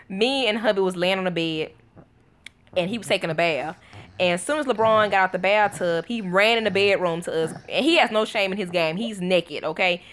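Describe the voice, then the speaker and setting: A woman's voice: mid-range voice, fairly bright tone. A young woman, telling family stories casually to her viewers, laughing often and acting out her kids' lines. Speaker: family vlogger.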